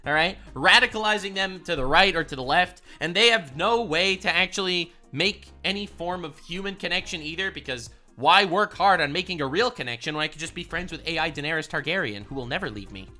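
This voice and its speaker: Animated, sharp-voiced male reaction streamer. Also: on the high side, brisk, few pauses, faint music behind. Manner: animated, swings from loud rants to hushed mutters; profane and exasperated. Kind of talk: casual reaction commentary.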